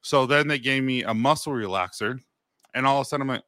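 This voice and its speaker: A man in his thirties co-hosting a podcast, speaking candidly and poking fun at himself. His voice is bright and forceful at a middle pitch. It is recorded dry and close. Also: quick pace, dry recording. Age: 30s. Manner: candid, self-deprecating storyteller. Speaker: podcast co-host. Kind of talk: casual storytelling chat.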